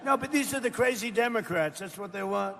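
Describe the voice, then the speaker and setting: A man's voice: high-pitched, expressive, a little fast, vocal fry, fairly bright tone, big-room sound, slight background noise. Rambling, boastful older American man. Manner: rambling, boastful, repeats phrases. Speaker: politician speaking at a roundtable. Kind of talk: off-the-cuff speech. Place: indoor event hall.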